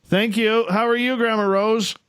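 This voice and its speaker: A man's voice: sits high, flat delivery, moderate pace, a bit bright, smooth, dry recording, clean studio sound. A man with a Canadian accent hosting a radio show, enthusiastic and playful with callers. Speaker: radio host. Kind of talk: casual radio talk.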